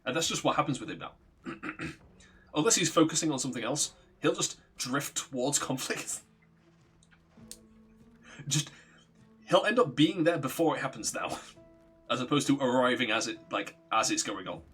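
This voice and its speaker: A man's voice: mid-range voice, expressive, moderate pace, long pauses, fairly bright tone, slightly rough, faint music behind. A man streaming a game, telling a story in a rambling, casual way, swearing and laughing often. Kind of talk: casual story narration while gaming.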